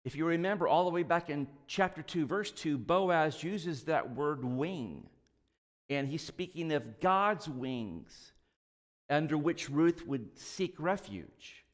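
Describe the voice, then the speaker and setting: A man's voice: a little high, animated, slow pace, big-room sound. A man preaching a sermon in a casual, conversational way, full of asides and small jokes. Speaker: pastor. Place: church sanctuary.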